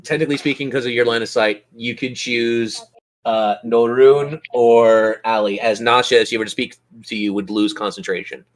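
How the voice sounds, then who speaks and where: A man's voice: medium pitch, steady tone, moderate pace. A man running a tabletop role-playing game as game master, narrating scenes and explaining rules in an easygoing way.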